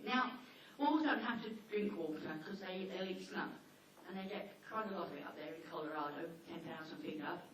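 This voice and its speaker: A woman giving a live seminar talk to an audience, telling stories and acting out dialogue with sudden jumps in pitch. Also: slight background noise. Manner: animated storyteller, acts out dialogue with lively pitch jumps. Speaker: dog behaviour speaker. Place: lecture hall. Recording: echoey hall, voice from far off with faint ambience.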